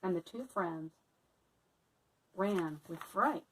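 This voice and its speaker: A woman's voice: fairly low pitch, takes it slowly, distant mic, a little hiss or hum, low-quality recording. Woman teacher reading a storybook aloud. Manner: friendly and expressive. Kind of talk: reading a picture book aloud to children.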